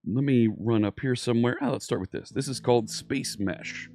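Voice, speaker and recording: This mid-range voice is creaky and a bit mellow, delivered at a moderate pace. Its owner, a Philadelphia man with a light local accent, teaches programming during a cheerful, casual live stream in his home studio, saying hi to viewers by name, while faint synthwave music plays.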